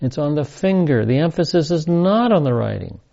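A man giving verse-by-verse Bible teaching, reading scripture aloud and slowing down to stress key words. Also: a little high, lively intonation, creaky, mellow, highs cut off.

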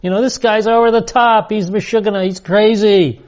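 A man's voice: extremely high pitch, moderate pace, lo-fi sound, pitched above the performer's own voice. A man voicing gossiping male exiles who mock a prophet in a derisive, dismissive tone.

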